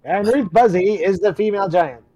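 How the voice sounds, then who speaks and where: A man's voice: sits high, moderate pace, mellow, muffled recording, faint music behind. A man co-hosting a podcast who riffs on a movie with crude, dry wisecracks. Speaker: podcast co-host. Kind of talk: casual movie riffing commentary.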